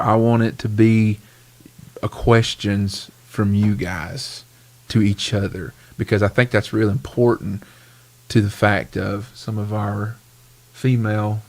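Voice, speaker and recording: A man hosting a podcast in casual chat, animated and rambling, laughing often. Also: on the low side, creaky. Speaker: podcast host.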